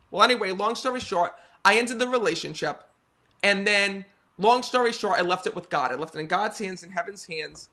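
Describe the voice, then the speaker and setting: An American man in his thirties tells stories with earnest, animated energy. His voice sits high and sounds bright and forceful. He keeps pulling the audience in with "right?" and "you know.". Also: fairly quick. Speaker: psychic medium guest. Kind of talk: casual storytelling conversation.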